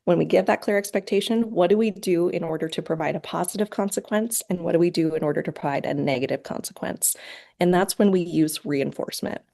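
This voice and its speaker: Gravelly low-voiced woman presenting a lecture. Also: a little fast, mellow. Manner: clear, instructive, acts out short parent and child quotes. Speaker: parent training presenter. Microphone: video call.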